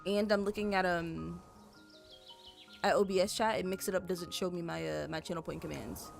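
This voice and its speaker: A young woman streamer speaks at normal speed in a steady, lowish voice with vocal fry, faint music playing behind her. She rambles casually to her chat as she builds in a game, full of "like" and "you know," and is apologetic and chatty with her viewers.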